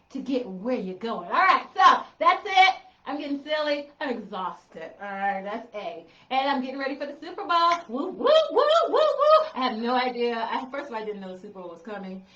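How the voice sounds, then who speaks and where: Woman, middle-aged, professional organizer, high-pitched, repeats for emphasis, roomy echo. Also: bright, forceful tone. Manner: chatty, playful, repeats points for emphasis. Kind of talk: casual tips vlog. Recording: roomy, slightly dull sound.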